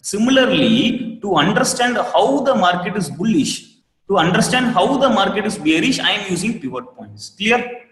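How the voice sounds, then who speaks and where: A man with an Indian English accent teaching a live online trading class, repeating each point and asking students for a quick yes. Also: high voice, sing-song, fairly bright tone. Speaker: trading course instructor. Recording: roomy echo with long reverb.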